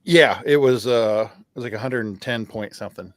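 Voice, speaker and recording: Male co-host, relaxed chat, halting recall, dry close mic. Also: medium pitch, dry recording. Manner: halting, restarts often while recalling details. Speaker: podcast co-host. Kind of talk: casual bourbon chat.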